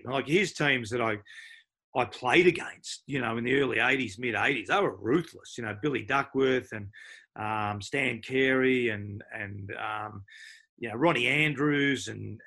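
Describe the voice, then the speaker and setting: An older Australian man who once played and coached football tells stories during a casual interview, animatedly imitating other people's voices. His voice is medium-pitched, gravelly, and slightly rough.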